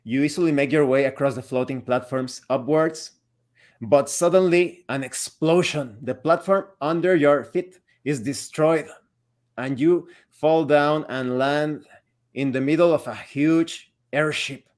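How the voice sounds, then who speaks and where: A man running a tabletop game as game master, narrating scenes in a steady, descriptive flow. His voice sits somewhat high for a man. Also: a little slow.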